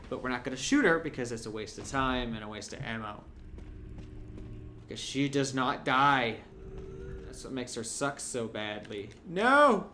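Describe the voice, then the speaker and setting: A young man commentating a video game playthrough, chatty and jokey, with sudden loud yelps. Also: medium pitch, slight background noise. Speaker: gameplay commentator. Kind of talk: let's play commentary.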